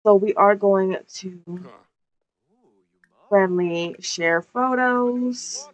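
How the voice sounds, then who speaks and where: A woman's voice: medium pitch, drawn-out words, poor audio. A woman narrating her life-sim gameplay in casual commentary, chatty and profane, often laughing.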